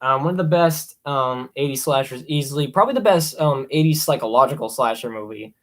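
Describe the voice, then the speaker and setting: A young man hosting a casual live stream, rambling with many ums and excited asides. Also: medium pitch, fairly quick. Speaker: livestream host ranking horror films.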